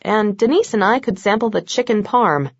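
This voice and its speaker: A woman's voice: medium pitch, lively intonation, normal speed, no room sound. A woman narrating a first-person audiobook with a wry, sarcastic manner. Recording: dull dry lo-fi recording.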